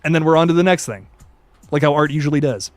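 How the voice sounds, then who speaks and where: A young man hosting a casual live stream, reading chat and reacting with excitable slang and quick restarts. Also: a little high, dry recording, faint music behind. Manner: excitable, laid-back slang, frequent laughs and restarts.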